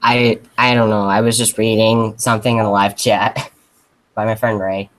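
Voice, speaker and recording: A man's voice: on the low side, level tone, fairly bright tone, low-quality recording. Teenage guy rambling on a live stream. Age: teens. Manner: rambling, halting, lots of fillers. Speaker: YouTuber hosting a live Q&A. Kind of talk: casual live-stream chat.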